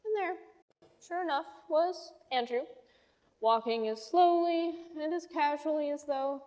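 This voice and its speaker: A woman reading a children's story aloud with lively, expressive storytelling. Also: high-pitched. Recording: long hall reverb.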